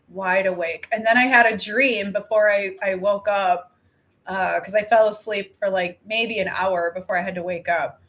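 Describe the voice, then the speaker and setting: A young adult woman co-hosting a casual chat, talking in an animated, chatty way with frequent laughs and swearing. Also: mid-range voice. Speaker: co-host.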